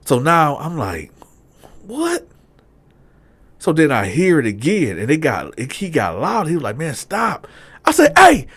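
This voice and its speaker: A middle-aged man casually telling a story, swinging between loud acted-out voices and low hushed asides. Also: normal speed. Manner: animated, acts out other inmates in loud raised voices. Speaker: storyteller, channel host.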